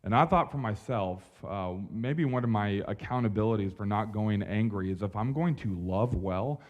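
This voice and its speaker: A young adult man preaching a sermon from a church stage, in a casual, animated way with slang and asides to the congregation. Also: on the low side, moderate pace, muffled recording. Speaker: pastor.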